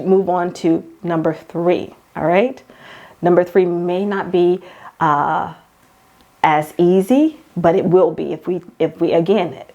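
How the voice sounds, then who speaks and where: A woman's voice: fairly low pitch, darkish tone. A woman host giving a motivational faith talk, speaking straight to the listener like a coach, repeating key phrases and calling her girl and hon.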